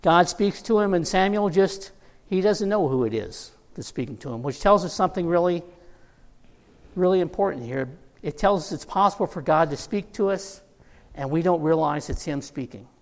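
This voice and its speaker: Long hall reverb surrounds this middle-aged man's sermon as he recounts a Bible story humorously at normal speed. The pastor's fairly high voice acts out each character's lines with lively energy.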